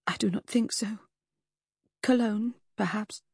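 A woman reading an audiobook, voicing a shaken young Victorian woman who answers in halting, half-whispered replies. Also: medium pitch, fairly even intonation, gravelly, darkish tone, slightly rough, no room sound, clean studio sound, voice pushed up, full character voice. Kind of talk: audiobook character voice.

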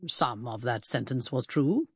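A woman reading an audiobook, voicing a pedantic Victorian gentleman detective who speaks slowly and precisely with cold condescension. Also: sits low, expressive, slightly rough, no echo, clean studio sound, exaggerated voice. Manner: slow, precise, clipped, condescending. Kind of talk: audiobook character voice.

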